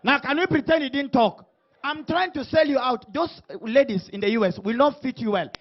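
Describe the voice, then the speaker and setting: High-voiced man hosting comedy. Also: a little fast, dull audio. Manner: teasing, punchy, shouts hype lines to the crowd. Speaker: talk show host. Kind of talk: comic stage hosting before a live audience.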